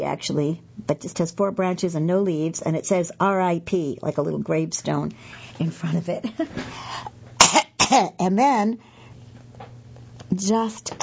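A woman's voice: mid-range voice, darkish tone, husky, dull audio. A middle-aged woman reading magazine pieces aloud for a podcast, chatty and correcting herself with asides.

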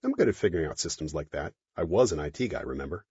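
A man's voice: very deep voice, expressive, fast, a little mellow, breathy edge, dry recording, highs cut off, full character voice. A man voicing a weary, laconic male space pirate in an audiobook.

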